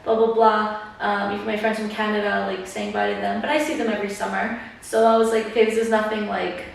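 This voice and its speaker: A woman's voice: medium pitch, little pitch movement, fast, creaky, far from the mic, a little hiss or hum. A young woman hosting a podcast in casual chat, leaning on "like" and acting out what people said. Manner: chatty, fills talk with "like", acts out quotes. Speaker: podcast host. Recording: echoey room, voice a bit off-mic.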